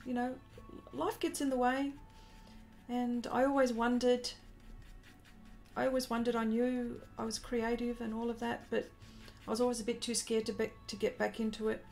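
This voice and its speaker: A woman's voice: a little high, little pitch movement, normal speed, creaky, a little mellow, faint music behind. A woman in her forties telling a rambling story during a casual live stream as an artist and host, breaking off to greet viewers.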